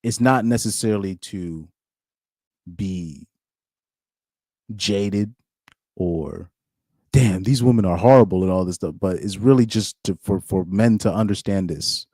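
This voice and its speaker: Male channel host, low mellow voice, opinionated live commentary, keeps repeating his points, dry close sound. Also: slow, long pauses, no echo. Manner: opinionated, repeats phrases for emphasis. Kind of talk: casual live reaction commentary.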